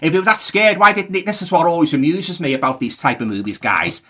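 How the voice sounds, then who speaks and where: A man's voice: fairly high pitch, lively intonation, fast, pushed and bright. A man with a Liverpool accent giving a rambling, exasperated spoken movie review, full of fillers.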